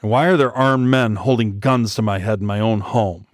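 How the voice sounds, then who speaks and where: A man's voice: on the low side, normal speed, dry recording, clean studio sound, close to an everyday voice. A man voicing a drunk, indignant former FBI director who growls his words, in an audiobook reading.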